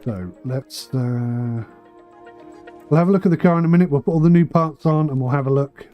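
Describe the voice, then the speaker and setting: A man's voice: fairly high pitch, brisk, highs cut off, soft background music. A man streaming a management game for charity, thinking aloud with dry asides and a slightly tickly throat. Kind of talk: casual charity livestream commentary.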